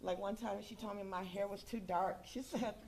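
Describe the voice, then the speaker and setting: A woman who is a close friend, giving a chatty, animated eulogy at a funeral service, often checking in with her listeners. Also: medium pitch, normal speed. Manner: chatty, animated, laughing, checks in with "okay?" and "you know". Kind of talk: funeral tribute speech.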